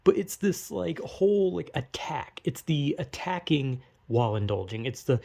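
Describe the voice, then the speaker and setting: A man's voice: on the high side, expressive, normal speed, vocal fry, mellow, breathy edge. A man talking to camera in a rambling, casual rant, full of fillers, restarts and swearing. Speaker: video creator. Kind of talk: casual ranting monologue.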